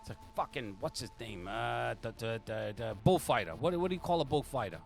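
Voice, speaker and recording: A man's voice: mid-range voice, expressive, brisk, vocal fry, faint music behind. A man voicing a foul-mouthed, exasperated male mob boss who sputters and curses.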